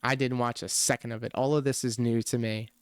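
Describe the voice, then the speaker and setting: A man's voice: mid-range voice, flat delivery, fairly quick, clear, resonant tone, dry recording. Sarcastic male streamer, dry close sound. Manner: sarcastic, laughs often. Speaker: streamer reacting to videos. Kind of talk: casual reaction commentary.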